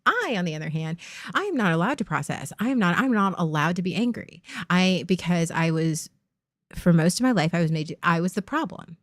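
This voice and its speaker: A woman in her forties speaks in a casual, candid ramble, often swearing and circling back on herself. Her voice sits fairly low. The sound is dry and close. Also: lively intonation, a little fast, no room sound. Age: 40s. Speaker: streamer host.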